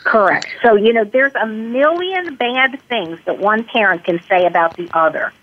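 A woman's voice: on the high side, lively intonation, normal speed. Woman explaining over a tinny phone line. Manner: earnest, acts out parents' lines in quotes. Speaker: guest expert on parental alienation. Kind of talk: explanatory interview answers.

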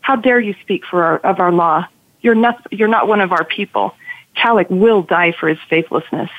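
Woman reading as an angry male priest, stern, accusing, tinny phone line, lowish voice. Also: normal speed, close to an everyday voice.

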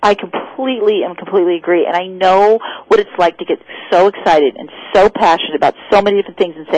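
A woman's voice: fairly low pitch, fast, hardly any pauses, no room sound, dull audio. A woman co-hosting a casual chat, telling stories with enthusiasm. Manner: enthusiastic, animated storytelling. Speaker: co-host.

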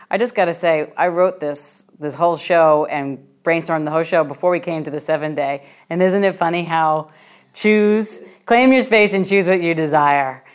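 Low-voiced woman hosting a coaching show. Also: smooth. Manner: energetic, prompts and interrupts to guide the guest. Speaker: show host and facilitator. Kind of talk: coaching session on a talk show.

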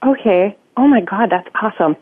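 A woman's voice: medium pitch, expressive, fairly quick. Giggly woman caller on a tinny phone line. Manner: giggly, laughs often. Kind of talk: phone-in call.

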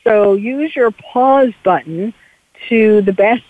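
A woman with a New York accent chats through advice on her radio show, pausing on ums and restarting lines. Her voice comes through thin and tinny, like a phone line, with no room sound. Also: mid-range voice, no room sound. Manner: chatty, hesitant with many ums and restarts. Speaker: radio show host, psychologist. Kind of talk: casual advice talk.

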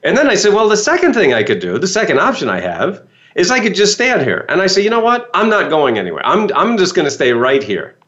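A man's voice: high voice, huge pitch swings, quick pace, a bit bright, dull audio. A man, a motivational speaker, telling a story in a podcast talk and acting out his own frightened reactions.

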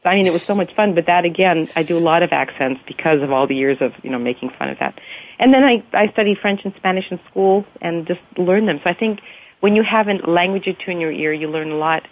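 A woman's voice: lowish voice, fast talker. A woman actress, a guest in a casual interview, talking in a rambling, self-deprecating way. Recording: tinny phone line.

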